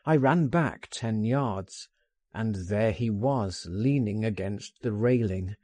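With a fairly low pitch, a man narrates an audiobook, his delivery measured and expressive like a storyteller's. The room adds no sound.

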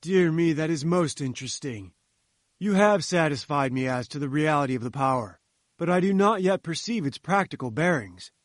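A man's voice: on the high side, animated, moderate pace, dry recording, studio quality, close to an everyday voice. A man voicing a fierce, proud, hot-tempered male professor who talks in a commanding, pompous way.

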